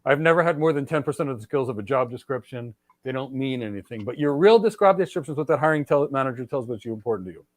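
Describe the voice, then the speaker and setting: A man's voice: medium pitch, animated, quick pace, hardly any pauses, dry recording. Emphatic middle-aged man giving advice. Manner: emphatic, repetitive, lecturing with direct address. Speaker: podcast host and cloud architecture mentor. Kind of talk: energetic advice talk.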